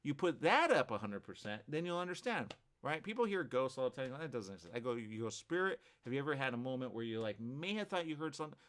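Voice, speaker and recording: A man hosting a live morning show, rambling through animated asides full of restarts. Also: mid-range voice, fast, few pauses, clean tone. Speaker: host.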